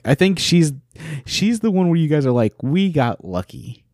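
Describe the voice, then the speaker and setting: A man's voice: fairly high pitch, very animated, normal speed, darkish tone, no echo, studio quality. A man chatting casually as a co-host, easygoing and laughing often. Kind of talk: casual chat.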